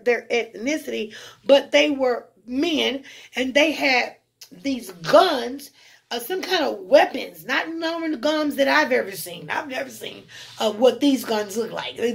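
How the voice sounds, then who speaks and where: A woman telling a long, animated first-person account of a dream, acting out what she said in it. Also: on the high side, vocal fry. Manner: animated storytelling, acting out her own past words. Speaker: spiritual channel host.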